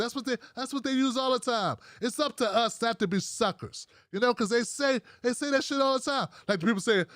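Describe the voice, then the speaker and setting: A man's voice: extremely high pitch, brisk, a bit bright, clean tone, dry recording, clean studio sound. A man hosting political commentary, ranting casually with profanity and sarcasm, acting out mocking quotes.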